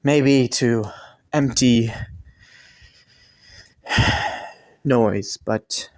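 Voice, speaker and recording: A man voicing Killua as a devoted young boyfriend in a romantic listener role-play audio, talking softly with many sighs and little laughs. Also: medium pitch, drawn-out words. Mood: tender teasing. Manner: soft, sighing, breathy little laughs. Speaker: voice actor.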